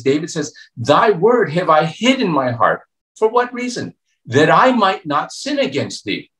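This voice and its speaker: A pastor preaching a youth revival sermon, telling a story and acting out its voices, playful and joking. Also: male voice, fairly high pitch. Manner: storytelling preacher, acts out voices and swings between hushed and loud; playful, calls himself a joker. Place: church sanctuary. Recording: echoey church room.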